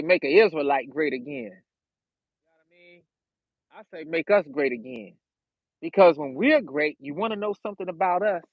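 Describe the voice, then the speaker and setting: A man's voice: on the high side, no room sound, lo-fi sound. A man preaching a sermon and praying in an impassioned, preacherly cadence, repeating his phrases. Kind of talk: sermon with prayer.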